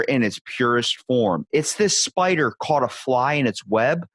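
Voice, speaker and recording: A man chatting casually as a podcast guest, telling animated stories and acting out quotes in a higher voice. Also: unhurried, dry recording. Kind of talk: casual storytelling chat.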